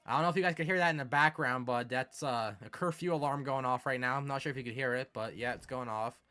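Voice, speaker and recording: A young man giving casual commentary over a sports video game, excitable and quick to turn exasperated. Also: medium pitch, smooth. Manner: excitable, swings from mumbling to exasperated yelling. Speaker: gaming commentator.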